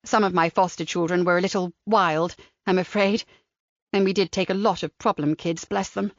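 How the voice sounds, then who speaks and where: A woman voicing a hospitable London woman in her seventies, with a London accent and a warm, chatty manner. The recording is dry and slightly dull. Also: fairly low pitch, fairly even intonation, normal speed, no echo, close to an everyday voice. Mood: reflective. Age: 70s.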